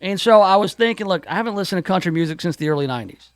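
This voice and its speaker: Man, radio host, joking studio banter, high voice, dry close mic. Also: expressive, rapid-fire, no echo. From Memphis area. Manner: wisecracking, puts on hammy country DJ voices.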